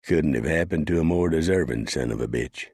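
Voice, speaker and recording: A man voicing a rough male convict in an audiobook, jeering. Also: extremely low pitch, brisk, a little mellow, dry recording, studio quality, voice pushed up.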